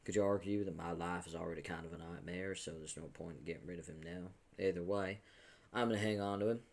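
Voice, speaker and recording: A man reads a brash young adventurer who rattles his lines off quickly and breezily. The voice sits low and the delivery is loose and easygoing in a comic read-aloud. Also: fairly even intonation, creaky, a little mellow.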